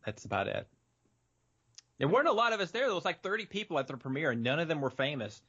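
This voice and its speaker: A man's voice: a little high, very animated, quick pace, a bit bright, slightly rough. A man co-hosting a podcast, chatting casually with dry, teasing banter and casual swearing. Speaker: podcast co-host. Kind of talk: casual chat. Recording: dull lo-fi recording.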